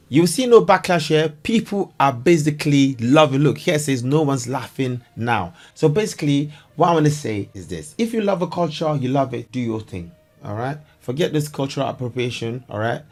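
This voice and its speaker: A man giving casual, joking commentary to his viewers, excitable and chatty, calling them guys. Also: medium pitch. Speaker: commentary vlogger.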